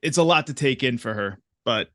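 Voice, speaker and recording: A man's voice: medium pitch, expressive, brisk, a bit bright, dry recording, clean studio sound. A man talking over his character's feelings as a tabletop game player, hesitant and full of repeated words.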